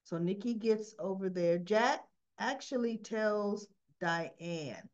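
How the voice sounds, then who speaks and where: A woman's voice: mid-range voice, slow, darkish tone, dull audio. A woman hosting a soap opera recap, chattily retelling scenes as "he goes, she goes.". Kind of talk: casual storytelling recap.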